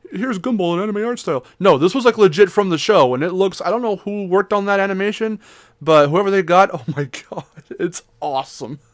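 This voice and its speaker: A man's voice: high-pitched, brisk, no echo. A young man chatting casually as co-host, rambling, swearing and laughing often. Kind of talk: casual chat.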